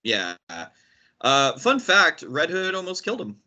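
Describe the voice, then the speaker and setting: A man hosting a casual podcast, explaining comic book characters with quick, stammering restarts. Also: sits high, very animated, pushed and bright. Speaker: podcast host. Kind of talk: casual chat.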